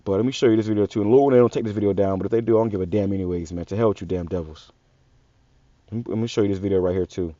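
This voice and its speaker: Male street preacher, fast and profane, heated, dry lo-fi audio. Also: on the low side, mellow, no echo. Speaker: religious channel host. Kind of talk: ranting street sermon.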